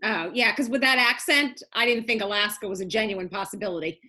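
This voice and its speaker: A woman's voice: medium pitch, brisk. A woman teaching a business law class in a recorded lecture, explaining in a casual, colloquial way and teasing her students with jokes. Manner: lively, joking, teasing students.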